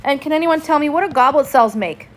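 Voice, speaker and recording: A woman with a high voice talks fast while teaching a classroom lecture in a casual, chatty way, prompting her students to answer back. There's slight background noise.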